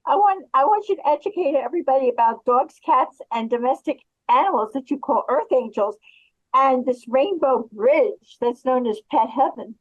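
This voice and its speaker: A woman's voice: sits high, animated, moderate pace, highs cut off. A woman hosting a podcast interview, chatty and steering her guest back on track. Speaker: podcast host. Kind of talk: interview host.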